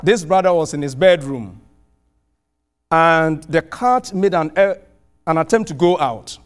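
A middle-aged man from outside the US with a foreign accent, preaching a sermon and telling a personal story with lively, animated delivery. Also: measured pace. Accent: non-American. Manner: animated storytelling, pitch swinging widely.

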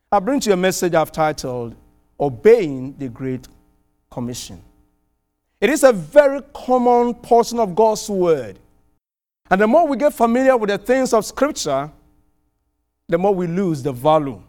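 High-voiced man preaching a story. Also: measured pace, pauses often, soft background music. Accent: non-American. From outside the US. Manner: animated storytelling, pitch swinging widely. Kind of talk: sermon with personal story.

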